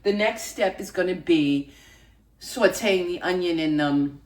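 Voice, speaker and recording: A woman's voice: lowish voice, measured pace, darkish tone, recorded from a distance. A woman hosting a home cooking vlog, talking casually and rambling through asides as she works in her kitchen. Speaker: cooking channel host. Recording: echoey kitchen, voice away from the mic.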